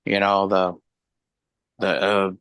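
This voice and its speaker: A man with a fairly low voice chats casually as a guest on a live stream, wandering through his stories and laughing at them as he goes. The sound is dry and close, with no room around it. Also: monotone, slow pace, fairly bright tone, clear, resonant tone, dry recording. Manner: rambling, laughing storyteller. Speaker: guest, hobby shop owner.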